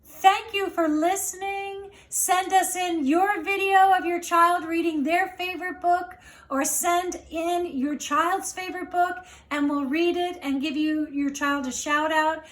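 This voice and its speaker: Slow, high-voiced woman reading a storybook. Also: fairly even intonation, reverberant. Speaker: company representative reading a children's book. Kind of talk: read-aloud storytelling.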